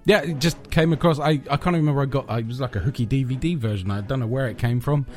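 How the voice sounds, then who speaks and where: A man's voice: mid-range voice, fast talker, darkish tone, faint music behind. A man hosting a casual film podcast chat in a self-deprecating, laughing way. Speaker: podcast host.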